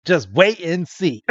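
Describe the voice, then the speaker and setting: A man's voice: high-pitched, bright, forceful tone, no echo, muffled recording. A man co-hosting a podcast, casually recapping a cartoon episode, laughing often and acting out the characters' lines. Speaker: podcast co-host.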